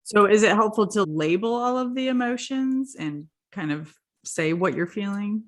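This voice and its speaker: A woman's voice: medium pitch, animated, moderate pace. A woman hosting a health podcast, asking friendly follow-up questions and thinking aloud. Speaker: podcast host, physician. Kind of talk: casual interview chat.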